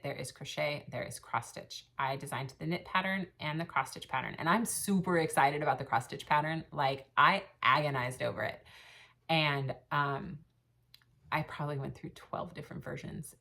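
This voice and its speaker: A low-pitched woman in her thirties chats casually for a craft vlog, her voice carrying a gravelly rasp. She rambles earnestly, restarting sentences and filling pauses with ums. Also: pushed and bright. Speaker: cross stitch vlogger and shop owner. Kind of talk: casual chat.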